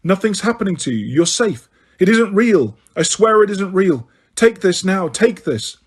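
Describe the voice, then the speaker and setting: A man's voice: sits high, very animated, a little slow, husky, voice pushed up, exaggerated voice. Man voicing a frantic teenage boy wizard. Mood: desperate. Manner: urgent, cracking pleas. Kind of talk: audiobook character reading.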